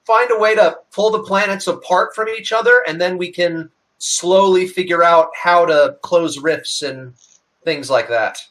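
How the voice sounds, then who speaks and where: A man with a high, bright voice talks as a player in a tabletop game. He rambles eagerly and runs one idea into the next. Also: measured pace. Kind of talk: casual tabletop game chat.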